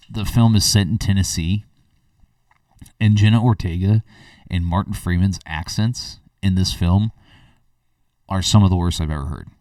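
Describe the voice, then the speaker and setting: A man with a very low voice delivers a blunt, rambling film review, full of fillers and restarts. The recording is dry, with no room echo, and he sits a little back from the mic. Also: darkish tone, far from the mic. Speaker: film reviewer, podcast host. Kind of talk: casual spoken movie review.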